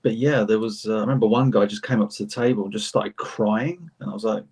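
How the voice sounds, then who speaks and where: Guy with a breathy, husky voice telling rambly convention stories, laughs a lot, relaxed chat. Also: lowish voice, quick pace. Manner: rambling anecdotes with frequent laughs. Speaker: panel guest and author. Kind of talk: casual storytelling chat.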